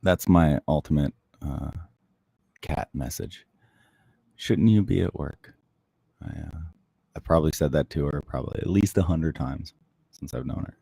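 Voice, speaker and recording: A man hosting a casual livestream, chatting softly and closely into the microphone as he answers viewer comments. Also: rumbling low, moderate pace, vocal fry, slightly rough, dry recording. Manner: soft-spoken, close to the mic. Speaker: livestream host.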